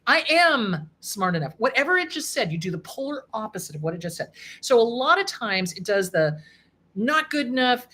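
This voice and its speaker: A woman's voice: mid-range voice, sing-song, normal speed, fairly bright tone. A woman therapist hosting her own show, talking casually and emphatically to the camera and acting out the inner voices she describes. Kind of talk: casual advice talk to camera. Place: home office at a computer.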